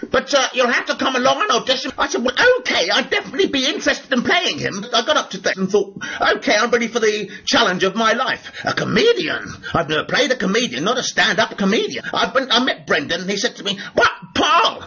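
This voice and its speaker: A man's voice: high-pitched, lively intonation, fast talker, few pauses, bright, forceful tone, slightly rough. A British man telling an anecdote on his vlog, chatty and often laughing through his words. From Britain. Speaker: actor and vlogger. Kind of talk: storytelling vlog. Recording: dull lo-fi sound.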